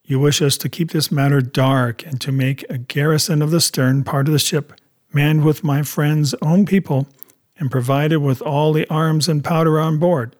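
A man voicing a calm, reasoning doctor in an audiobook, speaking in a measured way. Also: a little high, dry recording, studio quality, natural voice. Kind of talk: audiobook character reading.

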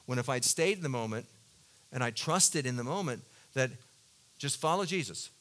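Bright, earnest preaching man. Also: expressive, normal speed. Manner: earnest, confessional storytelling; swings between loud emphatic bursts and soft low passages. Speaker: pastor. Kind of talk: sermon.

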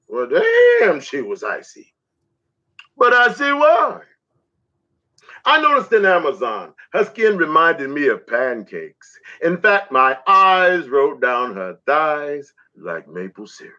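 A high, bright male voice recites spoken word poetry. His pitch swoops widely through rhythmic, dramatic lines. The audio is dull and lo-fi. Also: wildly swooping pitch, slow.

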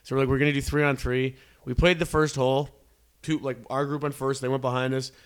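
A man's voice: mid-range voice, level tone, fast, clean tone. A man co-hosting a podcast, telling a rambling, profanity-laced story in casual chat. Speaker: podcast co-host.

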